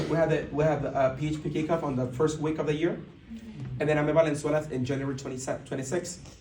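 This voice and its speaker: This man's voice leans high as he spins a tale for a business-event audience, playing out the dialogue with lots of energy and frequent restarts. He's a motivational speaker in a big indoor hall, captured by a distant mic amid echo and a slight hiss or hum.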